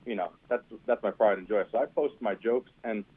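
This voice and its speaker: A stand-up comedian from New York, a man, telling stories quickly and with self-deprecating humor in a casual interview. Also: lowish voice, breathy edge. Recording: tinny phone-like sound.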